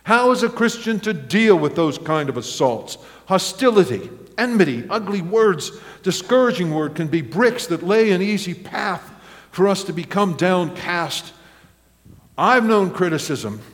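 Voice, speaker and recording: High-voiced pastor preaching in a reverberant hall. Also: male voice, unhurried. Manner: animated storytelling with acted quotes and chuckles. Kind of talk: sermon. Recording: long reverb of a large hall.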